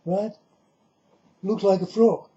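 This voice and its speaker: A man's voice: high-pitched, fairly even intonation, slow, mellow. A man preaching to the camera in a monologue, firing off repeated rhetorical questions at the viewer. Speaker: religious video preacher. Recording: dull lo-fi recording.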